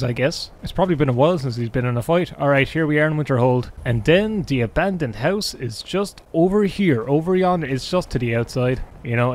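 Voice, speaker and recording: A man's voice: medium pitch, darkish tone. A man doing playful gameplay commentary as a YouTuber, full of sarcastic, teasing asides. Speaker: gaming YouTuber.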